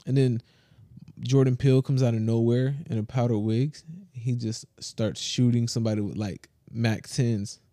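Slangy, animated male podcast storyteller. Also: medium pitch, normal speed, dry recording, clean studio sound. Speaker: podcast co-host. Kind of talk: casual chat. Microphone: close to the mic.

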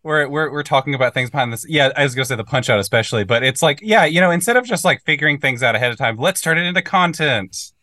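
A man co-hosting a podcast, playful and quick to laugh. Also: mid-range voice, expressive, bright, forceful tone, no echo, studio quality. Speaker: co-host. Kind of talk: casual podcast banter.

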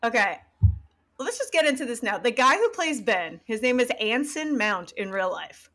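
A woman's voice: fairly high pitch, sing-song, moderate pace, fairly bright tone. A woman co-hosting a podcast, joking bluntly in casual chat about a film. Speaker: podcast co-host.

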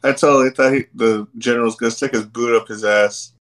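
A man's voice: mid-range voice, fairly even intonation, quick pace, poor audio. A man on a casual podcast, sarcastic, cutting in with jokes and getting heated. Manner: sarcastic, jokey interjections, gets heated. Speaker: podcast co-host. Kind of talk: casual review chat.

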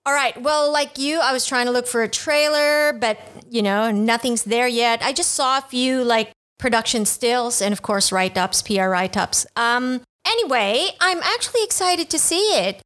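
A woman co-hosting a casual podcast, chatty and quick to laugh, with rambling asides. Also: fairly high pitch, lively intonation, fairly bright tone. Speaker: podcast co-host.

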